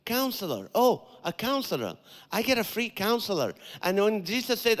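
A man preaching as a guest speaker, his voice pitched high and lively. He acts out the thoughts of his listeners and hammers phrases home by repeating them, with comic asides between scripture. His voice rings out with a long, hall-like reverb. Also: normal speed.

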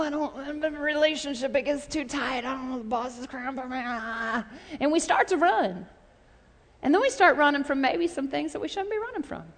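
A woman's voice: fairly high pitch, big-room sound. A woman pastor preaching a sermon in a chatty storytelling way, calling on the congregation to respond. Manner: conversational storytelling, calls for audience response.

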